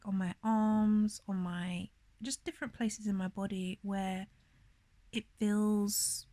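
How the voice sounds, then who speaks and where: Young woman, emotional, near tears, rambling casual vlog, middle pitch, dry close sound. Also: darkish tone, dry recording. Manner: rambling, emotional, many fillers and laughs. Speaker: vlogger.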